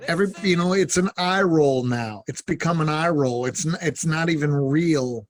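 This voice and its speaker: A man's voice: fairly high pitch, normal speed, faint music behind. A man co-hosting a comedy podcast, blunt and profane, sounding fed up as he gives his opinions. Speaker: podcast co-host.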